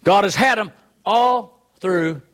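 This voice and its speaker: A man's voice: sits high, takes it slowly, a bit bright. A man preaching a sermon, earnest and emphatic, driving his points home with rhetorical questions.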